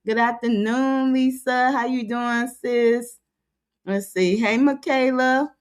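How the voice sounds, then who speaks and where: A chatty livestream host greets her viewers with drawn-out hellos, dropping her voice low when she reads comments aloud. Her tone is steady, clear and resonant.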